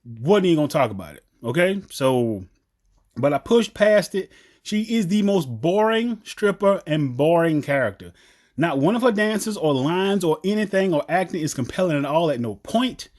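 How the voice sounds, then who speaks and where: A man from the American South with a Southern accent, giving a blunt, animated opinion rant about a TV show. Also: on the high side, moderate pace. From Southern United States. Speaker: TV commentator.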